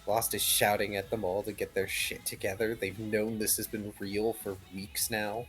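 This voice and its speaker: A man narrating his own character's actions in a tabletop game in a measured, dry way. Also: fairly low pitch, little pitch movement, fairly bright tone, faint music behind. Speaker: player.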